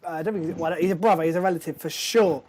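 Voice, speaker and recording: A man's voice: on the high side, fairly even intonation, very fast, a little mellow. Brief: male host, live sports chat, tired, rambling, stumbles on words.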